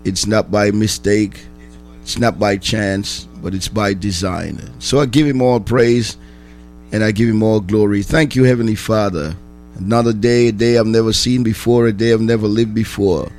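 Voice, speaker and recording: A man hosting a morning radio program as a chaplain, with a rough just-woken voice and an exhorting, repetitive, preacher-like cadence. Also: on the low side, steady tone, normal speed, a little mellow, soft background music.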